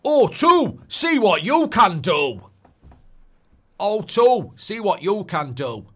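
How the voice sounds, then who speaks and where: A man imitating a northern actor reading a phone advert slogan in a slow, emphatic way. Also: high voice, very animated, sharp tone, voice pushed up, heavily acted. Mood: gruff.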